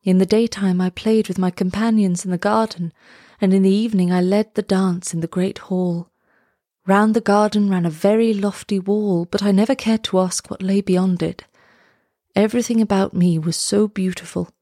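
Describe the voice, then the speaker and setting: A grieving golden statue of a prince speaks low, gentle and musical in a storybook reading, voiced by a woman in her own middle range. The sound is close and dry. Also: fairly even intonation, normal speed, dry recording, natural voice. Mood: sorrowful.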